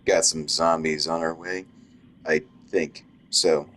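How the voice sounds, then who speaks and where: A man's voice: a bass voice, flat delivery, slow, fairly bright tone, slight background noise. A man giving wry, sarcastic, nitpicky commentary while playing a video game. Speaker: gameplay commentator. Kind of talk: let's play commentary.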